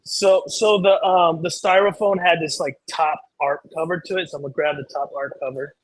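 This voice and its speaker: A man hosting a live unboxing stream, chatting casually and telling a relaxed story. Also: a little high, brisk, no room sound, rough recording.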